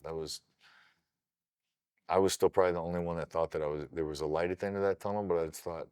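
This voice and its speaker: A middle-aged man from Ohio recounts his fights in a loose, animated podcast chat, swearing freely as he goes. His voice sits deep and low, with a smooth, resonant tone. The sound is dry and close to the mic. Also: fast talker, dry recording. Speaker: podcast guest, kickboxer. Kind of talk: casual storytelling.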